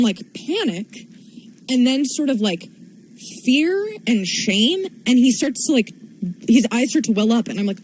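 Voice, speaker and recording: Young female stand-up, slightly high voice, chatty and rambling. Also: a little hiss or hum, rough recording. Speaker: stand-up comedian. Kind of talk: stand-up storytelling.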